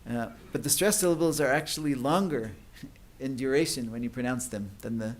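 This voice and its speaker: A man with a mid-range voice speaks at a normal speed while delivering an academic lecture at a conference. He explains things at length, full of fillers and restarts.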